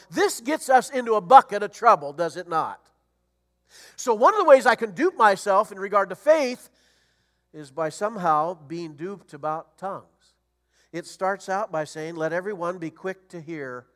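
A middle-aged or older man preaching a sermon as a guest preacher, animated and storytelling, rising to loud emphasis. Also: high-pitched.

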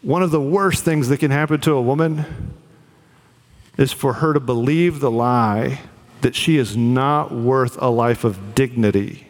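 A man's voice: mid-range voice, unhurried, long reverb tail. A man preaching a sermon as pastor, earnest and conversational, with fillers.

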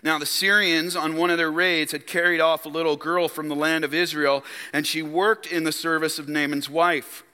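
A man's voice: a little high, flat delivery, normal speed, hardly any pauses, sharp tone, smooth. A man preaching a sermon as pastor, emphatic and calling on the congregation to respond. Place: church sanctuary. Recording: long hall reverb.

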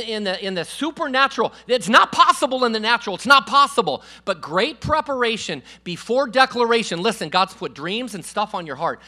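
A man preaching a sermon to a church congregation in a casual, emphatic way, calling out for amens and swinging from loud declarations to quiet asides. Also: high-pitched. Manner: calls for congregation responses. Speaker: guest preacher.

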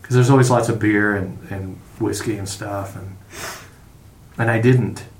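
A man's voice: lowish voice, steady tone. Middle-aged man talking in a roomy space. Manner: halting and profane, with many restarts. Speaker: podcast guest. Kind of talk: casual conversation. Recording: roomy echo.

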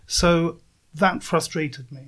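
A man with a fairly high voice argues his case emphatically as a guest in casual political chat. He presses each point with blunt conviction. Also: takes it slowly, fairly bright tone. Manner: emphatic, argumentative.

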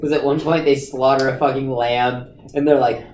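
A man's voice: mid-range voice, level tone, moderate pace, few pauses, darkish tone. A young man chatting casually with friends during a movie watch, blunt and profane, with wry complaints. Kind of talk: casual chat. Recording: roomy room, faint ambient noise.

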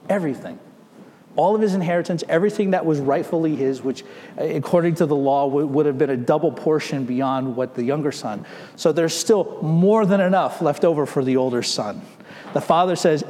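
A man's voice: fairly high pitch, lively intonation, normal speed, a little mellow, slight background noise. A male pastor preaching a sermon in a church, explaining the story step by step and checking in with "right?". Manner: explanatory, asks "right?" to check listeners follow. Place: church sanctuary. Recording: long church reverb.

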